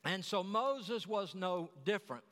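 Folksy high-voiced preacher. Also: male voice, measured pace, a bit bright, big-room sound. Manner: folksy storytelling with asides. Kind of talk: sermon.

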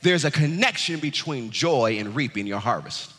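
A man preaching a sermon as pastor, exuberant and laughing, often shouting to the congregation. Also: fairly high pitch, lively intonation, normal speed, big-room sound, a little hiss or hum. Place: church sanctuary.

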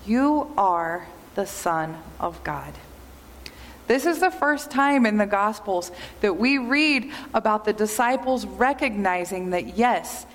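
A woman pastor giving an earnest, measured sermon in a church. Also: fairly high pitch. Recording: long hall reverb.

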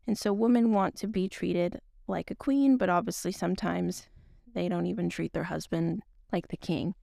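Young woman podcaster, gravelly low-end voice, dry close sound, rambles earnestly. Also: normal speed, mellow, no room sound. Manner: earnest, rambling with frequent restarts and laughs. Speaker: podcast host. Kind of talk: casual faith talk.

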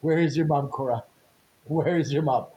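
A man's voice: a little high, moderate pace, warm tone, close to an everyday voice, low-quality recording. A man voicing a flustered young man, talking in a frantic, rambling way.

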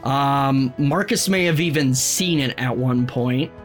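A man's voice: medium pitch, slow. A man narrating a tabletop game as game master, casual and often laughing, with music behind. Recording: background music.

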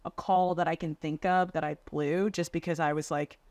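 A woman's voice: sits low, steady tone, moderate pace, darkish tone, no echo. A young woman guest on a podcast, telling stories from her sales work in a casual, chatty way full of "like" and "dude", acting out what people said. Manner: chatty, lots of "like" and "dude", acts out quotes. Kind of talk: casual interview storytelling. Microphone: video call.

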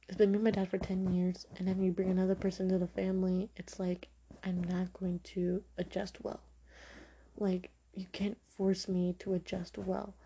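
A woman's voice: medium pitch, mellow, a little hiss or hum. A young woman hosting a podcast, speaking frankly and opinionatedly in a casual monologue full of fillers. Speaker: podcast host.

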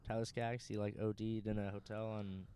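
A man's voice: fairly low pitch, level tone, fairly quick, warm tone, clean tone. A man hosting a podcast in casual chat, reacting with short, blunt, profane questions.

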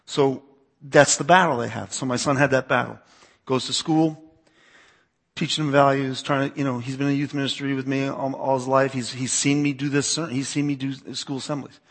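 A man's voice: mid-range voice, flat delivery, normal speed, a bit bright. A youth pastor in his forties who grew up on the US East Coast, giving a talk to a church audience in a conversational manner, repeating words and asking listeners to raise their hands.

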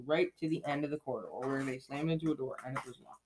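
A man's voice: medium pitch, fairly even intonation, fast talker, hardly any pauses, a little mellow, highs cut off. A man reading a novel aloud in a casual way, stumbling, correcting himself and breaking off into chatty asides. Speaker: reader.

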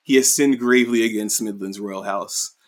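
A man's voice: on the low side, steady tone, normal speed, natural voice. A man voicing a bitter, cruel king while casually retelling an anime scene. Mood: scornful. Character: bitter aging male king, cruel and scornful.

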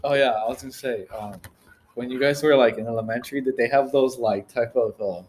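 A man's voice: medium pitch, a little fast, a little mellow, slight background noise. Young man chiming in with faint ambience. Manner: laughing, chiming in. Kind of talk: casual chat.

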